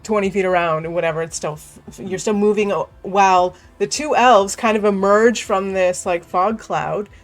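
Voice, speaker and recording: A woman narrating a tabletop role-play game as game master in a relaxed, conversational way. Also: medium pitch, moderate pace, few pauses.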